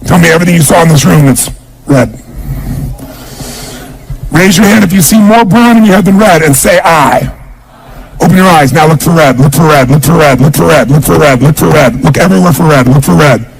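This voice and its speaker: Brief: a male motivational speaker with a raspy, gravelly voice, pitched a bit high, emphatic and punchy. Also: brisk, a little hiss or hum, low-quality recording. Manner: emphatic, drills the audience with call-and-response. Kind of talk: motivational seminar speech.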